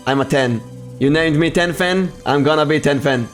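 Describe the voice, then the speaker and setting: A man's voice: a little high, moderate pace, faint music behind, natural voice. A man voicing a cowardly, boastful young male adventurer who whines and panics. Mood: rousing. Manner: whiny, panicky, self-referring in third person.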